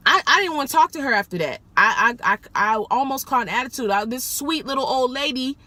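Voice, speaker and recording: A woman rideshare driver telling a story in a casual vlog, loose and profane with big swings in pitch. Her voice is bright and forward, and she jumps up high to make a point. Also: lively intonation, a little fast, few pauses, no room sound.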